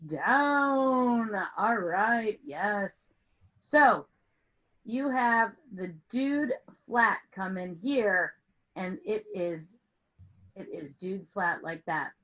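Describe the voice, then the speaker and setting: A woman's voice: medium pitch, expressive, very slow, fairly bright tone, lo-fi sound. A woman music teacher telling a playful story to explain a lesson, asking questions and stretching words for emphasis over an online call. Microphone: online call with screen share.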